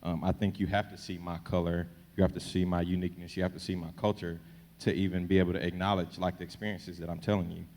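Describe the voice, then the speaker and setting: A man from Texas speaking candidly and personally on a church panel, relaxed and loose. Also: low-pitched, fast talker, long reverb tail. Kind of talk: panel discussion.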